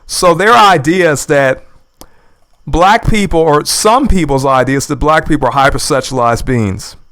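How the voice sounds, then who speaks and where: Male commentator with a smooth, resonant voice pitched a touch high, delivering sarcastic, indignant reaction commentary. Dry sound. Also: moderate pace, a bit bright, no room sound. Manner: indignant, sarcastic, repeats his points. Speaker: YouTube commentator. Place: lives in the United States.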